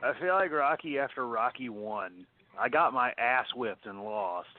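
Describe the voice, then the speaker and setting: A man's voice: mid-range voice, unhurried. A man co-hosting a casual podcast, grumbling and joking wryly. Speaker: podcast co-host. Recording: phone-like band, faint noise.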